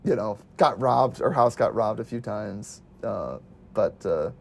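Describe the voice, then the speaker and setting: A man's voice: lowish voice, lively intonation, measured pace, vocal fry. A man casually recounting his missionary days as an interview guest, chatty, laughing often and acting out the voices he quotes.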